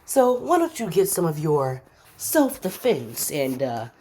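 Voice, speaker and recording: A cold, cruel young frost demon that a woman puts on sneers and drawls his words, condescending and mocking in a low voice. The delivery swings widely in pitch, like a casual fan story read aloud. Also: sing-song, unhurried, a little mellow. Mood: sneering.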